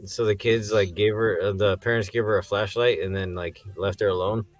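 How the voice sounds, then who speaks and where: A young man co-hosting a casual podcast, telling rambling anecdotes and breaking into high-pitched disbelief. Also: fairly even intonation, fairly quick, soft background music. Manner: rambling anecdotes, jumps high in pitch when he gets worked up. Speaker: podcast co-host. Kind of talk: casual movie review chat.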